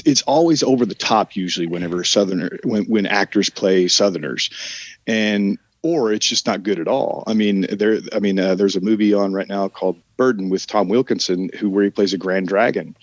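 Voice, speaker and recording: A low-voiced man with a gentle Southern American drawl, rambling through his thoughts with frequent restarts. The sound is dry and close, a little dull and muffled. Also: moderate pace, no echo. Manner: rambling, many restarts and trailing sentences. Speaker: actor and podcast guest. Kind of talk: casual podcast interview.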